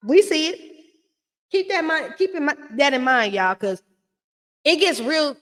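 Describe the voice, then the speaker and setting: A woman's voice: sits high, very animated, a little slow, fairly bright tone. A woman giving a blunt, chatty recap of a reality show in a casual, slangy way.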